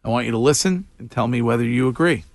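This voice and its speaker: A man hosting a morning radio show, chatting casually with a wry, unhurried delivery into a studio microphone. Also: mid-range voice, no echo.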